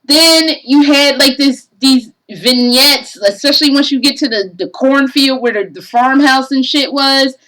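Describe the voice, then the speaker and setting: A woman's voice: high-pitched, unhurried, hardly any pauses, a bit bright, low-quality recording. A woman giving a casual game review, profane and exasperated, ranting animatedly.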